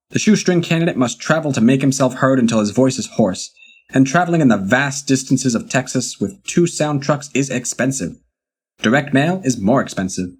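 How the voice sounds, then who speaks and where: Male reader with a husky voice, mid pitch, steady and deliberate in his reading. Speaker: reader of a historical article. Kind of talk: reading a magazine article aloud.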